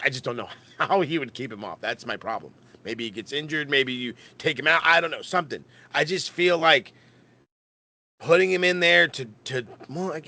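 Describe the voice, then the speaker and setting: A man's voice: fairly high pitch, pushed and bright. A man co-hosting a casual wrestling podcast, rambling and swearing with lots of stammered restarts. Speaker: podcast co-host.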